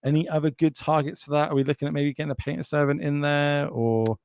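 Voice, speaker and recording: A man's voice: fairly high pitch, flat delivery, fast talker, darkish tone, smooth, no room sound. A British man commentating live on a card game tournament, chatty and joking, plugging the channel between plays. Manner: chatty, jokey, plugs the channel.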